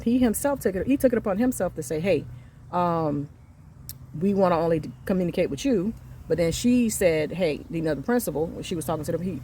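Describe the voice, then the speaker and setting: A woman in her thirties telling an angry story about her son's school, emphatic and reenacting the conversations, swinging between quiet and loud. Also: fairly low pitch, slight background noise. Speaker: mother venting on her channel. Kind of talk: heated storytelling rant.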